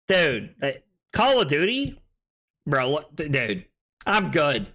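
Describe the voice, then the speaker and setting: A tipsy male streamer hosts a tournament broadcast, loud and excitable, with a bright, cutting tone. His pitch swings wildly between low mutters and high yelps. He laughs often and swears freely into a streaming mic. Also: slow. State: tipsy from drinking. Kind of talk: casual livestream commentary. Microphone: streaming microphone.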